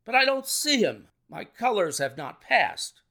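A man voicing an agitated older male colonel, a racehorse owner, in a storybook reading, talking in excited, indignant exclamations. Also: sits high, normal speed, gravelly, voice pushed up, exaggerated voice.

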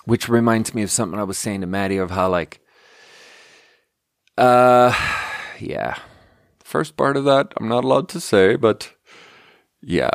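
A man's voice: on the low side, unhurried, long pauses, no echo, clean studio sound. A young man hosting a podcast, talking in a meandering, self-interrupting way with casual swearing. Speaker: podcast host. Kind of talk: rambling casual monologue.

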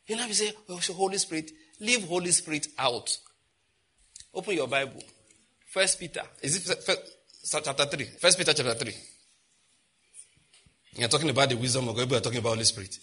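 A middle-aged man preaching to his congregation in a bright, forceful voice. He tells stories at a conversational pace, then climbs into loud, fervent outbursts. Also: fairly high pitch, fast talker, slightly rough. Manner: storytelling preacher who rises to loud, impassioned outbursts. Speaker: pastor. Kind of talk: sermon.

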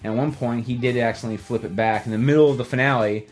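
Male podcast host with a mid-range voice and a rambling, animated delivery. Faint music runs in the background. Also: mid-range voice, rapid-fire. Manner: rambling, animated storytelling with many restarts. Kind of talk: casual podcast chat.

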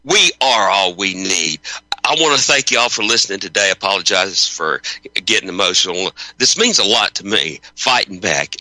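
A man hosts a talk radio show and speaks with fervent defiance, his voice leaping from low, heavy statements to sharp emphatic peaks. His tone is very bright and cutting, and the studio mic sounds close and dry. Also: expressive, normal speed, dry recording, rough recording. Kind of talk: impassioned radio monologue.

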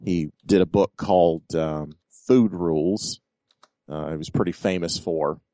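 Low-voiced man explaining haltingly. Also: steady tone, mellow, no echo. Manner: halting, lots of ums and uhs while explaining. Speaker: podcast co-host. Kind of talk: casual chat.

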